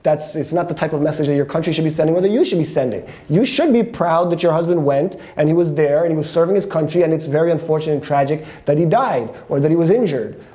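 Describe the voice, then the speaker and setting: A man hosts his own commentary show and talks through his views in a frank, off-the-cuff way. His voice sits a little high for a man but sounds mellow and warm. He often backs up and restarts his sentences as he thinks aloud. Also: fast talker, few pauses. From Canada. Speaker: host. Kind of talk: opinion commentary monologue.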